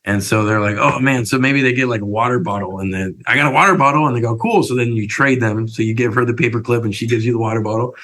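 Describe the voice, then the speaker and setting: A young man telling stories as a podcast guest, upbeat and animated, acting out little quotes. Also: lowish voice, quick pace, hardly any pauses, poor audio. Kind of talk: casual interview storytelling.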